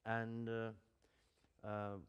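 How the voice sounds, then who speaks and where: A man's voice: on the low side, completely flat delivery, very slow, smooth, highs cut off. A man, an acting teacher giving a lecture, hesitant and full of fillers and restarts.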